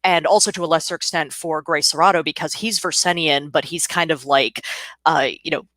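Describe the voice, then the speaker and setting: Bright-voiced woman, author in conversation. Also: low voice, steady tone, a little fast, no room sound. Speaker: author guest. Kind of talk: livestreamed bookshop conversation.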